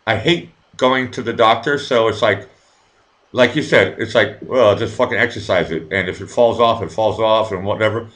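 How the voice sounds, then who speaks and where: A man's voice: fairly low pitch, fairly bright tone. A man hosting a casual live-stream interview, hesitant and full of fillers, swearing casually. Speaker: host.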